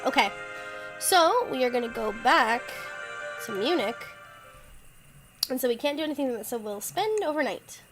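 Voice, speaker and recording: A woman's voice: high-pitched, a bit bright, poor audio. A young woman streaming a story game, chatting casually, thinking aloud and asking her viewers what to pick.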